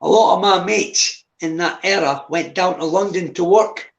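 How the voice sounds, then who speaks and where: A man's voice: sits high, normal speed, gravelly, dull audio. A Scottish man in his fifties chatting casually on a live stream, swearing freely and calling the listener mate. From Scotland. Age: 50s. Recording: echoey room.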